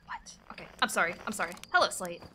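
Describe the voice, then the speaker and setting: A woman's voice: on the low side, expressive, quick pace, sharp tone, a little hiss or hum. A woman streaming a game, chatting casually with her viewers in a scattered, swearing way. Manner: scattered, swears, talks to chat. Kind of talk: casual gaming livestream chat.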